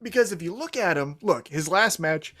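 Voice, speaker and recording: A man co-hosting a wrestling show in loose, casual talk, his pitch rising and falling a lot as he makes his points. He throws in quick asides and the odd swear word. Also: animated, fairly bright tone. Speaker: co-host. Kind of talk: casual podcast chat.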